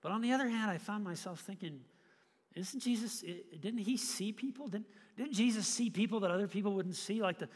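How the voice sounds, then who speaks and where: A man preaching a sermon, telling a story with animated, acted-out scenes. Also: high voice, fairly quick, breathy edge, in a large hall. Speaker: pastor. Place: church hall.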